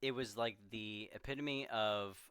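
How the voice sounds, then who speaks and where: A young man co-hosting a casual film discussion, animated and acting out characters' lines as he retells scenes. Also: lowish voice, unhurried, clear, resonant tone, no echo, studio quality. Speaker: podcast co-host.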